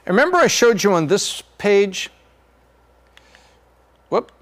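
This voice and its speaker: A man's voice: sits high, sing-song, takes it slowly. A man hosting a podcast, talking casually through slides and acting out little jokey voices. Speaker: podcast host.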